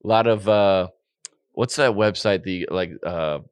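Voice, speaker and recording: A man's voice: sits low, measured pace, a little hiss or hum. A man co-hosting a podcast in casual chat, rambling and joking while he corrects himself. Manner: rambling, jokey, self-correcting. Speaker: podcast co-host.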